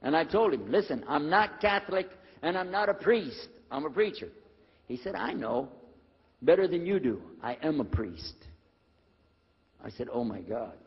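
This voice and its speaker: An older American man telling his life story to an audience, acting out the dialogue with lively shifts. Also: on the high side, moderate pace, breathy edge. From United States. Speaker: former preacher telling his conversion story. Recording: dull lo-fi recording in a reverberant hall.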